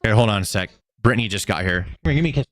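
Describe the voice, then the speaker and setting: Profane, animated streamer man ranting. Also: fairly low pitch, very fast, no room sound. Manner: profane, sarcastic, exasperated. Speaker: streamer host.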